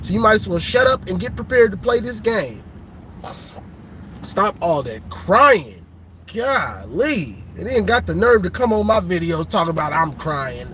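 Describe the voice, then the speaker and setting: A man live-streaming a casual sports rant, teasing rival fans with laughter and drawn-out colloquial talk. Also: high-pitched, a bit bright, a little hiss or hum.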